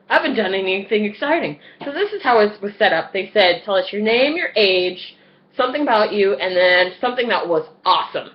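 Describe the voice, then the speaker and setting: A woman's voice: medium pitch, fast talker. Twenty-something woman vlogging a story, swears a lot, does everyone's voices, kinda muffled lo-fi sound. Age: 20s. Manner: animated, profane, acts out voices and screams. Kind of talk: casual storytelling vlog.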